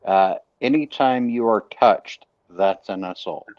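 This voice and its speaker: A man's voice: fairly low pitch, measured pace, no room sound. A man co-hosting a casual commentary chat, throwing in jokey, laughing interjections. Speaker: co-host. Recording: dull lo-fi sound.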